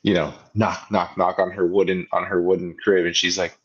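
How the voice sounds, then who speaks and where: Young male podcast co-host, deep voice, rambling and laughing, lo-fi sound. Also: flat delivery, normal speed, husky. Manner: rambling, laughs often, acts out kids' voices. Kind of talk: casual chat.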